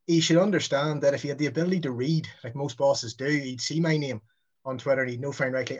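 A man's voice: mid-range voice, fast, a little mellow, muffled recording. A man in his thirties trading boastful, mocking trash talk on a podcast. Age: 30s. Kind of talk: casual chat.

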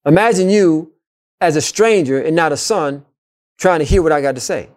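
A man co-hosting a faith talk, retelling Bible stories in a lively, colloquial, preacher-like way and repeating his points. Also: on the high side, normal speed. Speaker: co-host and Bible teacher. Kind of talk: animated faith discussion with storytelling.

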